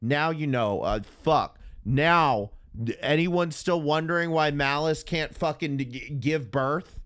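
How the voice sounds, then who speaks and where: Slow-talking, furious profane male streamer. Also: on the high side, a bit bright. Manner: furious, heavily profane, blunt; stammers and restarts when worked up. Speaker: streamer host. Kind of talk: livestream commentary rant.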